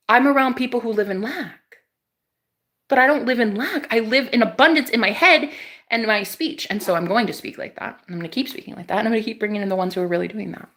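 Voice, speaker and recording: A young woman on a casual livestream, talking back to her chat with biting sarcasm and frequent laughs. Her voice is bright and a little high, and she swears freely. She swings between loud jabs and quiet, dropped asides.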